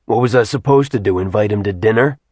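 A man's voice: lowish voice, quick pace, a little mellow, no echo, natural voice. A man voicing a sarcastic, defiant warrior. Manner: sarcastic, flippant. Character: sardonic male warrior, dry and defiant.

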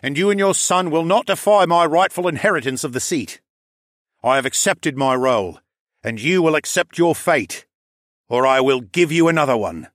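A man's voice: on the high side, lively intonation, moderate pace, fairly bright tone, no room sound, clean studio sound, pitched above the performer's own voice. A man voicing a cold, commanding young male noble who speaks in clipped, authoritative lines. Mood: icy.

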